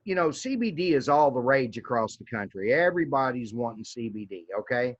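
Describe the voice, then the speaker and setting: A man's voice: mid-range voice, big pitch swings, a little fast. Southern man, host, rambling, lots of fillers, dull lo-fi recording. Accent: Southern American. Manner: rambling, filler-heavy, folksy. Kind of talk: casual interview. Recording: dull lo-fi sound.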